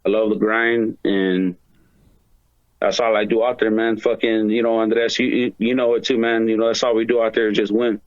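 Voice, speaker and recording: A man's voice: on the low side, level tone, moderate pace, no room sound, lo-fi sound. A man as a podcast guest, chatting in a laid-back way and often saying "dude" and "you know". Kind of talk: casual chat.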